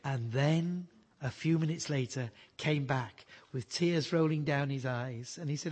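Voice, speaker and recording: A man's voice: a little high, measured pace, a little mellow. A man preaching a sermon, telling stories earnestly and building to fervent emphasis. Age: adult.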